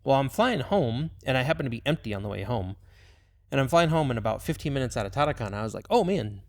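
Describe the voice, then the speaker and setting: Gravelly-voiced man telling a heartfelt story. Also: medium pitch, fast talker, no echo. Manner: animated, emotional, filler-heavy. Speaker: missionary pilot. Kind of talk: casual storytelling.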